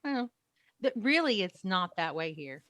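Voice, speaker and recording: A woman's voice: medium pitch, sing-song, fairly bright tone, dry recording. Teasing woman co-host, dry studio. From Ohio. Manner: dry, teasing, halting restarts. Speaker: radio show co-host. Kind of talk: casual banter.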